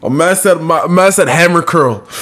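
A young American man with an excitable, slangy manner, reacting casually and talking to his chat with loud outbursts. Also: a little high. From United States. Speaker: reaction streamer.

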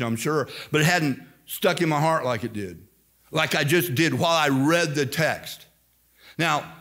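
An older man from Indiana with a slight Southern-sounding accent, preaching an emphatic sermon as pastor. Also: on the high side. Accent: slight Southern-sounding American. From Indiana, USA. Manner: emphatic, animated preaching with quoted asides.

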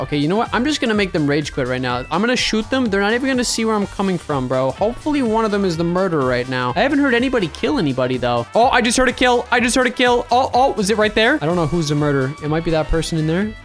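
A young adult woman giving slangy, trash-talking gameplay commentary. She swings between low, scheming mutters and loud, excited outbursts. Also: very fast, hardly any pauses, faint music behind. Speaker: gaming video creator.

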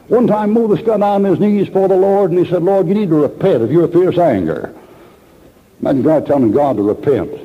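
A man preaches a sermon, spinning folksy stories and hammering his points with repetition. His voice is husky and mid-pitched. The recording is a dull, muffled old tape that carries the long echo of a church hall. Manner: folksy storyteller, emphatic repetition.

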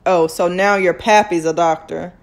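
A woman's voice: lowish voice, fairly even intonation, moderate pace, lightly acted. A woman voicing a cold, sneering male town doctor who answers curtly and with contempt in a drawling dialect.

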